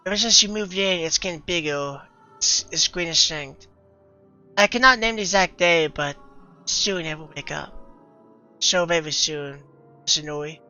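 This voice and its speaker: A woman voicing a brooding, mysterious young woman in a visual novel, speaking low and hushed with an ominous tone, on a dull lo-fi recording. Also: a little slow, pauses often, faint music behind.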